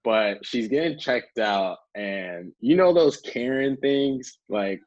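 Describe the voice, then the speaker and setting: A man's voice: medium pitch, lively intonation, takes it slowly, a little mellow, no room sound, lo-fi sound. A young man from North Carolina, a guest telling stories casually, rambling and peppered with filler words. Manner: rambling, peppered with 'like', acts out quotes. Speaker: guest, pro hockey player. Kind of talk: casual storytelling.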